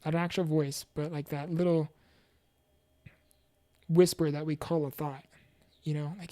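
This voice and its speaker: A woman with a low, mellow voice speaks earnestly about her own mental health struggles. She pauses and restarts often, and she urges faith in a heartfelt, encouraging way. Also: flat delivery, no room sound. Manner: preachy, faith-focused encouragement. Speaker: motivational speaker. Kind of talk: personal mental health testimony.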